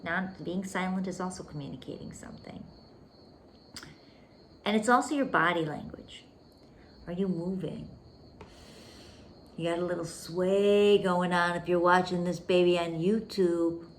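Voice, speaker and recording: Woman host, low voice, intimate coaching monologue, faint hiss behind. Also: fairly even intonation, unhurried, long pauses. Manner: intimate, emphatic, calls listener "baby", drops to whispers. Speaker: podcast host.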